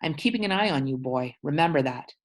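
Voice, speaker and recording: A woman's voice: low voice, expressive, fairly quick. Woman doing a stern, threatening male cop for a read-aloud; barked orders. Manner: barked commands. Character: gruff male police officer, stern and threatening.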